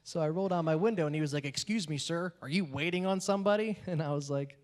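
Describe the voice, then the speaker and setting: A young male comedian doing stand-up, his voice sitting noticeably high for a man. He talks fast and a little awkwardly, stringing bits together with plenty of "like"s. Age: young adult. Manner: awkward, quick, filler-heavy delivery with many "like"s. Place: comedy stage with a laughing audience.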